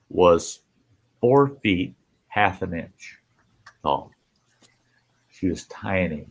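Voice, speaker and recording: A man hosts a relaxed campfire-style chat and spins long, rambling anecdotes. His voice is very deep and gravelly with a husky edge. He takes his time, acting out other people's lines as he goes. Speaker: host. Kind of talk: casual campfire storytelling chat.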